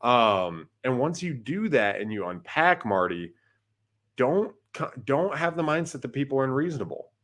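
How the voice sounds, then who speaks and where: A man's voice: medium pitch, sing-song, moderate pace, fairly bright tone. A man co-hosting a podcast, talking casually and coaching listeners, often tagging his points with "right?" and "like". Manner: conversational, peppers talk with "right?" and "like". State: has the hiccups. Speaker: podcast co-host, wholesaling investor.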